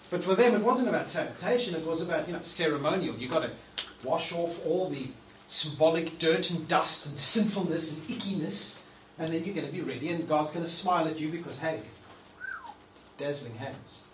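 A man preaching a conversational, animated sermon. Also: fairly high pitch, moderate pace. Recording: roomy hall from far off, faint noise.

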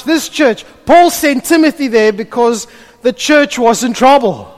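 A man in the role of pastor, praying softly and then preaching with emphasis. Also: sits high, moderate pace. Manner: hushed in prayer, then lively and emphatic preaching. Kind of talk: prayer and sermon. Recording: long reverb of a large hall.

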